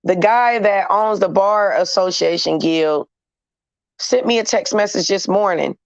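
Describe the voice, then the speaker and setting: A woman's voice: medium pitch, unhurried, vocal fry, no room sound, lo-fi sound. Blunt, candid woman chatting casually. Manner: blunt, candid, with loose slangy phrasing. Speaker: host talking to viewers. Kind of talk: casual chat to a live audience.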